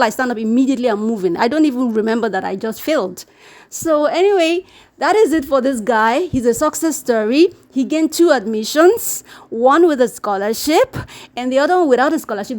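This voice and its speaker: A woman vlogger chatting casually to camera, animated and repetitive, acting out the people she quotes. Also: a little high. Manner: animated, repeats words, mimics quoted people. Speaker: YouTube vlogger. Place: living in Brazil.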